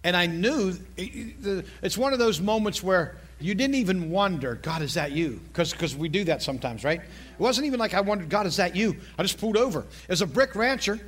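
A middle-aged male pastor preaching a sermon, telling a story with lively asides and repeated phrases. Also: sits high, a little fast, hardly any pauses.

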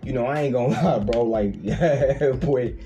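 A man, casually telling a story on a podcast. His voice is warm and mellow, and he keeps slipping into high, playful impressions of other people. Faint music plays underneath. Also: a little slow, highs cut off. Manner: animated storyteller, acts out quoted voices with big pitch jumps, laughs often, slangy.

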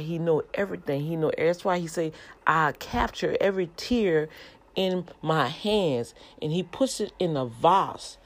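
A middle-aged woman preaching informally, telling a lively testimony with quoted dialogue in a manner. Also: deep voice. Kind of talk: informal sermon to an online audience.

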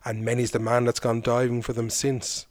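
A man's voice: medium pitch, completely flat delivery, normal speed. A man hosting a podcast, narrating a folk tale and then chatting reflectively about it. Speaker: folklore podcast host. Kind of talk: storytelling narration.

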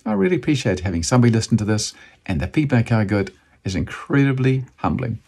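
Husky, lively New Zealand man motivating. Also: lowish voice, fast talker. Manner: enthusiastic, banters with himself in an imagined dialogue. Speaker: motivational video host. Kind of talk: motivational monologue to camera.

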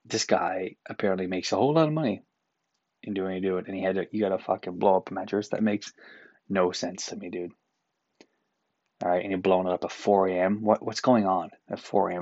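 A man with a low voice, hailing from Newfoundland, Canada, vents in a casual solo podcast rant from an apartment room, full of exasperation and profanity. The lo-fi recording has no room sound.

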